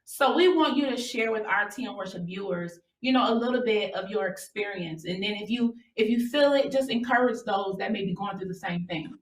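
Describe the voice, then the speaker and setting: A woman's voice: medium pitch, a little fast, hardly any pauses. A woman co-hosting a faith talk show, chatting in an enthusiastic, informal way. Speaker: co-host. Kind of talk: casual chat. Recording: echoey room, voice from a distance.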